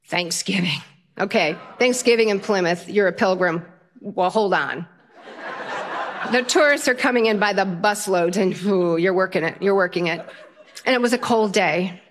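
An older woman telling a lively, self-mocking story. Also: medium pitch. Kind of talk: storytelling performance.

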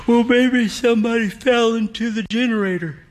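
A man's voice: very high-pitched, fairly even intonation, moderate pace, voice pushed up. A man reading a storybook, voicing a weary, dismissive grown son with short, curt replies. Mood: flippant. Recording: long hall reverb.

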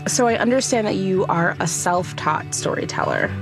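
A woman's voice: mid-range voice, animated, moderate pace. Woman interviewer over background music. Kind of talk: interview questions. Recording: music bed under voice.

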